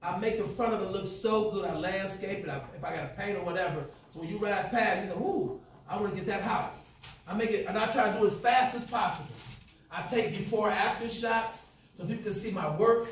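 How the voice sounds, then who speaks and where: A man's voice: high voice, brisk, slight background noise. A man teaching a class, lecturing with role-play and quizzing students in call-and-response. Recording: echoey classroom from far off.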